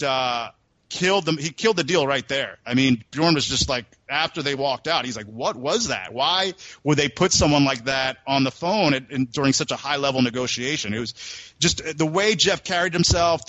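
A man's voice: on the high side, pushed and bright, no echo. A man co-hosting a podcast, telling a long story in a casual, rambling way, full of restarts. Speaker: podcast co-host. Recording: dull, dry recording.

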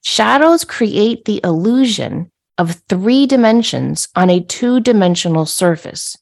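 A middle-aged woman hosting a podcast, telling a personal story in a conversational way. She is animated and laughs as she acts out her own yelling. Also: medium pitch, unhurried, vocal fry. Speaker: podcast host.

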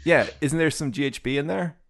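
A man's voice: on the high side, fairly quick, creaky, a bit bright. A man co-hosting a podcast in casual chat, rambling and joking at himself. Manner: rambling, self-mocking, many restarts. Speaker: podcast co-host.

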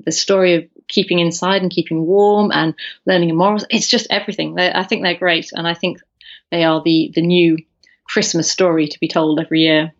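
A woman's voice: fairly low pitch, a little fast, lo-fi sound. A woman co-hosting a podcast, chatting casually and telling stories with lots of ums and restarts. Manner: animated storyteller, many ums and restarts. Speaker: podcast co-host. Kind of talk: casual chat.

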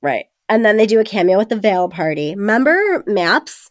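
A woman co-hosting a podcast, recapping a movie in casual chat, animated and swearing freely. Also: mid-range voice, normal speed, no echo. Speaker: podcast co-host.

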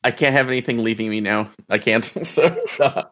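A man's voice: on the low side, steady tone, a little fast, fairly bright tone. A man playing in a tabletop role-playing game, joking and stammering over his words. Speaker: player.

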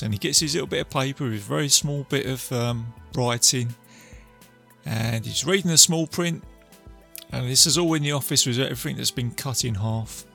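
A man's voice: medium pitch, normal speed, creaky, bright, forceful tone, faint music behind. A man casually retelling a film's plot, rambling and full of fillers. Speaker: film reviewer. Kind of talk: casual film recap to camera.

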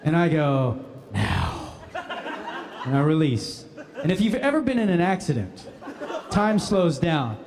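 A man telling a funny personal anecdote, animated and often laughing as he speaks. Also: on the high side, moderate pace, crowd noise. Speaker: guest storyteller. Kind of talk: comic anecdote.

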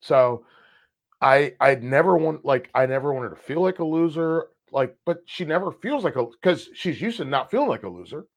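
A man in his thirties talks through old memories on a casual podcast. He gets animated and swears freely, acting out what people said back then. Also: fairly high pitch, moderate pace. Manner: animated, swears freely, acts out past conversations. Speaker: podcast co-host. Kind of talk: casual storytelling chat.

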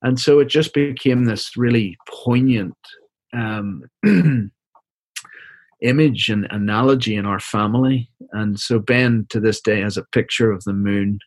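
A middle-aged man, a seminary professor and minister, telling a personal story as an interview guest in a soft, reflective, halting way, often repeating words as he goes. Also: lowish voice, dry recording.

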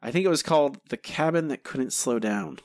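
Male podcast host, relaxed and chatty, mid-pitched voice, dry close sound. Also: brisk, no echo. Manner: relaxed, chatty, with frequent fillers and self-corrections. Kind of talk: casual podcast chat, reading listener answers.

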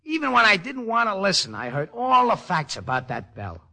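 A man's voice: sits high, huge pitch swings, fairly quick, gravelly, bright, forceful tone, exaggerated voice. An actor playing a streetwise young male soldier in a 1940s radio drama, talking in slangy working-class speech. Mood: earnest.

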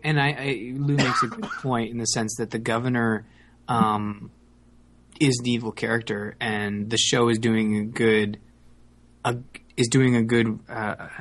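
A man's voice: medium pitch, fairly bright tone. A man talks casually about a show, stopping and restarting as he hunts for the right word. His voice sits in an ordinary middle range. The tone is loose and conversational. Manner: hesitant, restarts often, searching for words. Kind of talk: casual discussion of a TV episode.

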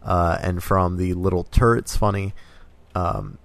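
A man co-hosting a casual podcast, talking about games in a measured, thoughtful way with "um" pauses. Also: low voice, fairly even intonation, vocal fry, no echo. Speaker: podcast co-host. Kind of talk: casual game discussion.

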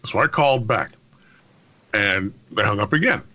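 A man who works as a lawyer telling a story on a podcast in a wry, measured way, now and then swearing and laughing. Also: fairly low pitch, expressive, pushed and bright, dull audio. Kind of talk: casual storytelling chat.

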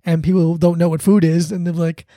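A man's voice: on the high side, little pitch movement, a little fast, dark tone, no room sound. A man co-hosting a casual comedy podcast, joking, laughing often and acting out bits. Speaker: podcast co-host.

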